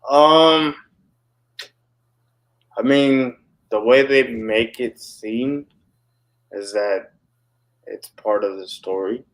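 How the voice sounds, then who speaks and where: A man's voice: medium pitch, very slow, long pauses, rough recording. A man co-hosting a podcast in casual chat, speaking tentatively and hedging his words. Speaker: podcast co-host.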